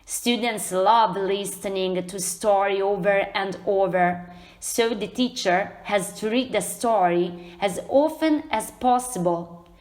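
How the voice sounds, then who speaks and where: A young woman with an Italian accent reads a children's story aloud for an English lesson. She speaks very slowly and deliberately, in a careful sing-song storytelling manner that suits young pupils. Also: medium pitch, darkish tone. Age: young adult. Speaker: trainee primary teacher. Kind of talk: reading a picture book aloud for a lesson.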